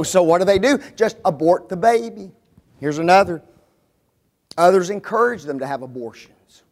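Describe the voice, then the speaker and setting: A man with a strikingly high voice delivers a sermon to his congregation. He presses each point hard and keeps asking pointed rhetorical questions.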